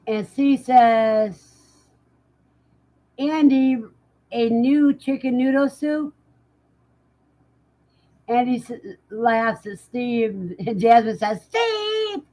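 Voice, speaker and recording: A woman's voice: fairly high pitch, warm tone, rough recording. A woman hosting a livestream, casually reading out viewers' comments and answering them, laughing often. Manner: unhurried, chatty, laughs often. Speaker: livestream host.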